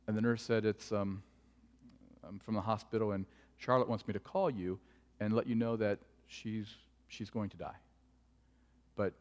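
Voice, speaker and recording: A man preaching a sermon as pastor, telling stories earnestly and dropping to hushed tones for tender moments. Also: lowish voice. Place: church sanctuary. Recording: long church hall reverb.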